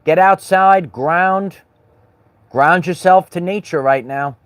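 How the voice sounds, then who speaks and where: A man with a high-pitched voice talks straight to his livestream chat. He preaches and repeats himself, and he calls out viewers by name. The sound is dry and close, with no room echo. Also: slow pace. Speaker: livestream host. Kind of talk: spiritual livestream talk to chat.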